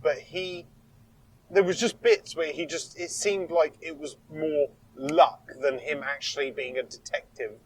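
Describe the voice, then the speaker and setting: Husky, rambling man. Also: on the high side, steady tone, unhurried, poor audio. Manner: rambling, restarts, frequent agreement. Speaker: podcast co-host. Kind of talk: casual chat.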